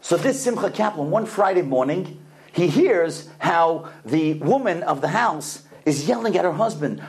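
A man telling stories in a talk, animated and often repeating his words as he starts a sentence. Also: on the high side, unhurried, creaky. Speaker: speaker telling religious stories. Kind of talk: anecdotal storytelling talk.

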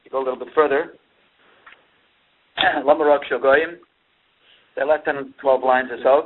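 A man teaching a Torah class, slowly translating phrases he has just read and rising in pitch when the story turns emotional. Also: fairly even intonation, slight background noise. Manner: mixes Hebrew and Yiddish terms into English, reads and translates phrases slowly; rises in pitch with emotion when recounting events. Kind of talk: Torah class explaining a lament text. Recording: tinny phone-line recording.

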